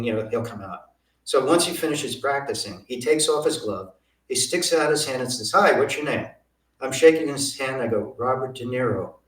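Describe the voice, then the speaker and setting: An older man, a guest in an interview, telling lively anecdotes and acting out what others said. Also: mid-range voice. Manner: animated anecdotes, acting out quoted voices. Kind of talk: storytelling interview. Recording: roomy, from a distance.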